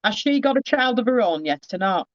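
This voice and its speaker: A man's voice: high voice, lively intonation, fairly quick, no room sound, dull audio. A man giving a casual psychic reading over a video call, rambling and often breaking off with asides.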